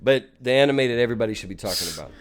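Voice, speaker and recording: A man's voice: medium pitch, rapid-fire. An enthusiastic man co-hosting a podcast, talking animatedly in casual chat and laughing easily. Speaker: podcast co-host.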